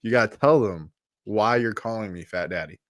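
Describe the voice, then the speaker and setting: A man's voice: fairly low pitch, normal speed, no room sound, clean studio sound. A man co-hosting a live podcast as a coach, telling stories in a chatty way and laughing at himself. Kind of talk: casual live podcast chat.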